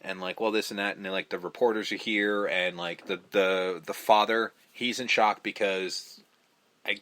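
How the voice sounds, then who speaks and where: A man's voice: on the low side, moderate pace, dry recording. A man co-hosting a movie podcast in casual chat, swearing a lot and acting out scenes in voices. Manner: profane, animated, acts out scenes in voices. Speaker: podcast co-host.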